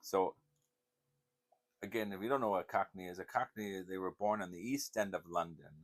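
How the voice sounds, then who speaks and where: A man's voice: sits low, brisk. An older man hosting his channel, telling rambling, meandering stories with frequent restarts and laughter. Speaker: channel host. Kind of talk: casual rambling storytelling.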